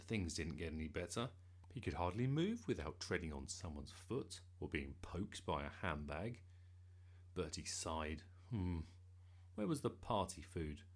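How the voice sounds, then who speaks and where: Gravelly, lively storyteller man. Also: deep voice. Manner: lively, expressive. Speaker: narrator. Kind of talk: storybook reading.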